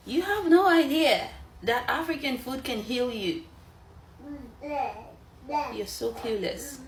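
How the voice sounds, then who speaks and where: A woman ranting scornfully to the camera in an indignant reaction, firing one rhetorical question after another. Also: on the high side. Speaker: reaction video maker. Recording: echoey, distant, very noisy.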